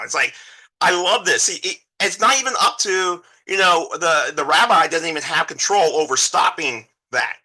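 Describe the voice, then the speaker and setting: A man talks about an old film in casual conversation, his voice very bright and forward. He drops into put-on voices for the people in the story and talks with lively, excitable energy. His pitch sits a touch above the usual. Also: moderate pace, breathy edge, poor audio. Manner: animated, acts out characters with exaggerated voices. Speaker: podcast co-host.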